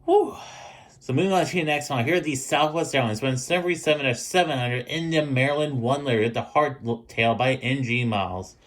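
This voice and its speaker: Young male hobby host, mid pitch, rambling casual narration with lots of ums, home room. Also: fairly quick, few pauses, a bit bright. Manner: rambling, many ums and restarts. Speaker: model airport hobbyist host. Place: dim indoor room at home.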